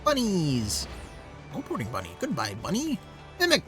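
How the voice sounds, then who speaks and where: A man's voice: sits high, huge pitch swings, normal speed, bright, forceful tone, faint music behind. A young man streaming a game, chatting casually in rambling, filler-heavy asides. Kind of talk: casual let's-play commentary.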